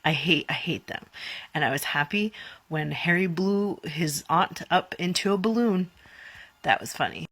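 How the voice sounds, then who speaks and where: A woman's voice: lowish voice, moderate pace, a bit bright, dry recording. A woman in her twenties chatting through a casual reaction vlog, dramatic and giggly, and tired. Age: 20s. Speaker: vlogger.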